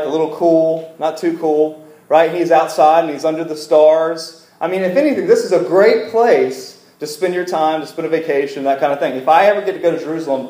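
A man's voice: a little high, mellow, echoey room, poor audio. A man preaching a casual, joking sermon to a congregation in a church, asking them to repeat words back to him. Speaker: pastor. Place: church service room.

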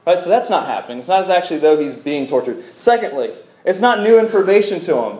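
A young man preaching in a conversational storytelling style to a live audience, animated and asking them questions, with joking asides. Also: sits high, quick pace. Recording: echoey hall.

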